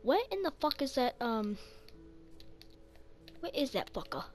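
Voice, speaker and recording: Slow-talking woman narrating a game. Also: high voice, very animated, darkish tone, faint music behind. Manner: slow, muttering, swears a lot. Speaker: gaming channel host. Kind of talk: casual let's-play commentary.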